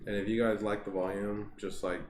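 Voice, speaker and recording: Co-hosting a podcast, this man rambles through casual chat packed with fillers and curse words. His voice is fairly low, level, fairly quick, and a little mellow, in a reverberant space with slight background noise.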